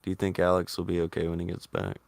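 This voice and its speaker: A man hosts a casual chat show in a deep, gravelly voice. He argues animatedly and swears freely, his pitch leaping up when he pushes back. The sound is close and dry. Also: level tone, quick pace, no echo. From Indiana. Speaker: podcast host.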